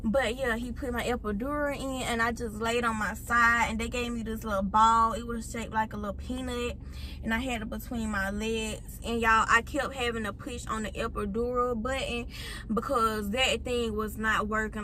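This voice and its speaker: A young woman in her late teens, a vlogger chatting straight to her viewers through a phone mic as she retells a long personal story with lively feeling. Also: a little high, slight background noise. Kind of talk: casual storytime.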